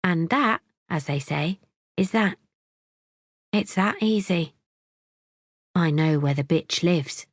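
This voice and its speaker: A woman's voice: on the low side, slow pace, long pauses, dry recording, clean studio sound. A woman narrating a psychological thriller audiobook in the first person, wry and tense.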